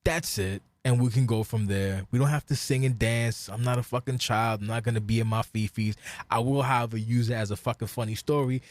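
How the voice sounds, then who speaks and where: A man hosting a podcast in casual chat, blunt and profane, telling animated stories into a mic. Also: mid-range voice, brisk, no room sound. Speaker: podcast host.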